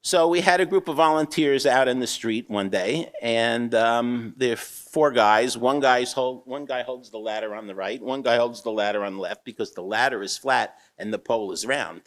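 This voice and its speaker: An older rabbi giving a humorous storytelling talk, with a wry manner and acted-out characters. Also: male voice, medium pitch, normal speed, few pauses. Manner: wry, anecdotal, acts out characters. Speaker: rabbi and eruv builder speaking.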